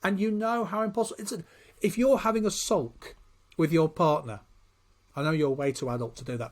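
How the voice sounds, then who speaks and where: A man's voice: fairly high pitch, animated, brisk. A man giving a spoken training lecture on workplace conversations, talking directly and acting out short example dialogues.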